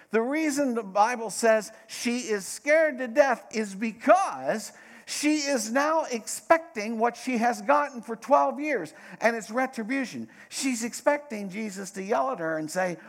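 A middle-aged man preaching a sermon, dramatic, swinging between loud bursts and hushed asides. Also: very high-pitched, lively intonation, unhurried.

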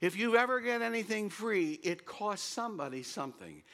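A middle-aged man preaching a storytelling sermon as pastor, animated, humming tunes and raising his voice for emphasis. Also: high voice, moderate pace.

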